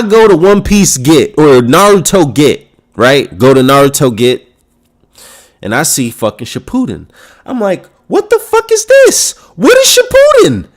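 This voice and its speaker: A young man hosting a casual talk show, telling a story in an animated, profane rant full of restarts. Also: fairly high pitch. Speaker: podcast host.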